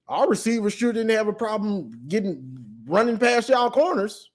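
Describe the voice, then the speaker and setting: A man hosting a live sports call-in show, telling a trash-talk story with laughter and lots of quick restarts. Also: high-pitched. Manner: animated storytelling, acting out both sides of a trash-talk exchange with laughter; frequent stammered restarts.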